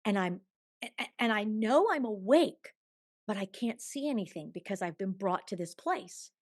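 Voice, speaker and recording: Expressive woman telling a spiritual story. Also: mid-range voice, moderate pace, no room sound, studio quality. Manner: expressive, swinging from hushed murmurs to bright exclamations; chatty, tumbling run-on sentences. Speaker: podcast guest.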